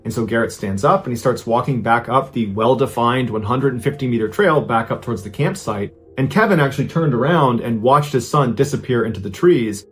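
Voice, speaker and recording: A man narrates an unsolved vanishing in a relaxed, conversational voice of middle pitch. He slows down and lifts his pitch to build suspense. Soft music plays quietly under him. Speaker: storyteller host. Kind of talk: spoken true-story narration.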